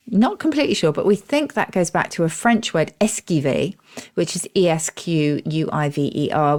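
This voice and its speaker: A woman's voice: low voice, a little mellow. An English woman co-hosting a podcast, enthusiastically explaining where words come from in casual chat. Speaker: podcast co-host, word expert.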